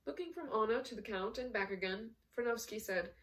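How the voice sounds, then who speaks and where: A woman reading a novel aloud in a steady storytelling way, with small slips. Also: fairly high pitch, fairly quick, few pauses, distant mic, poor audio. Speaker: audiobook reader. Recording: voice set back from the mic.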